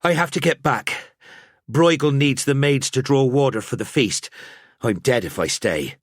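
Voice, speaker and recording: A man's voice: medium pitch, unhurried, breathy edge, dry recording, studio quality, pitched above the performer's own voice. A male narrator voicing a young female tavern maid who speaks firmly and emphatically. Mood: brisk. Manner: firm and emphatic.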